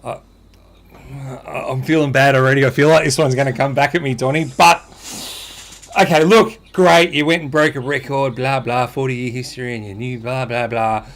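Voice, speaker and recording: A man's voice: mid-range voice, fairly even intonation, moderate pace, a bit bright. A man co-hosting a podcast, presenting his segment in chatty, laughing banter and drawing out his points. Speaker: podcast co-host. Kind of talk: casual banter.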